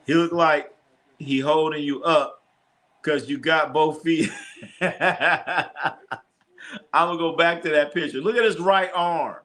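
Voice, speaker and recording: A man hosting a casual live sports stream, telling animated stories in a slangy way and swearing freely. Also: a little high, measured pace, long pauses. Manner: animated storytelling, acts out his own lines.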